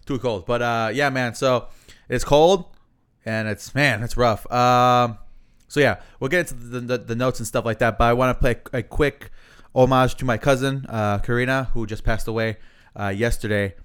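Smooth-voiced man telling a story. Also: medium pitch, normal speed. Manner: relaxed storytelling with lots of swearing and fillers. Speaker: podcast co-host. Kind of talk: casual podcast chat.

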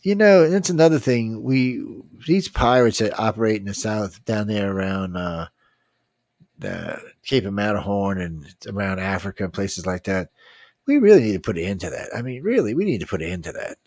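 A man's voice: on the low side, very animated, normal speed, darkish tone, no echo. Blunt rambling man, casual chat. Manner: rambling, blunt, swears, trails off mid-sentence. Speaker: host of a casual news talk stream. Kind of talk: casual political chat reading headlines.

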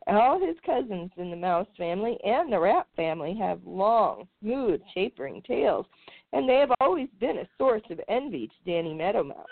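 Woman reading a storybook aloud, lively. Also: mid-range voice, no room sound. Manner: expressive, lilting reading. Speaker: podcast host reading aloud. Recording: tinny phone-like sound.

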